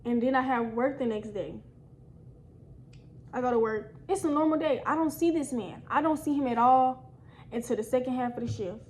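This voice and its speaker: Young woman vlogger, high voice, chatty storytime delivery with light background hiss. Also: moderate pace, poor audio. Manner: animated, slangy, addresses viewers as y'all. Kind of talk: casual storytime.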